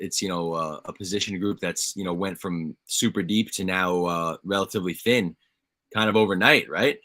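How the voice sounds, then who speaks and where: A man's voice: low voice, sharp tone, dry recording, clean studio sound. A young man co-hosting a casual sports chat, passionate and pleading as a fan. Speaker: podcast co-host.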